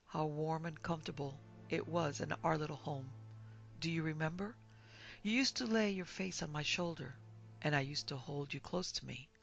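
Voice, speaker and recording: A woman voicing a bitter disfigured blind man bent on revenge, speaking in a quiet, coaxing, menacing way in a horror audiobook. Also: low-pitched, vocal fry, dull audio, full character voice. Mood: pleading.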